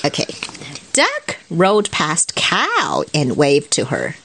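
A mother with a Chinese accent, whose first language is Mandarin, reads a picture book aloud to her child in a lively way and explains it as she goes. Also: low voice, slow pace, slight background noise. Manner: lively, mixes English reading with Mandarin explanations. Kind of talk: shared picture-book reading.

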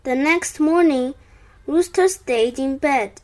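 A woman reading a children's picture book aloud, slow, clear and expressive. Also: high voice. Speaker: storyteller. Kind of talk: children's storybook read-aloud.

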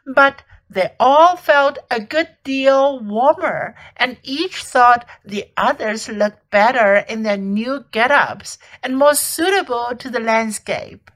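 A woman teacher reading a classic novel aloud for English learners in clear, measured storytelling. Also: a little high, fairly bright tone, low-quality recording.

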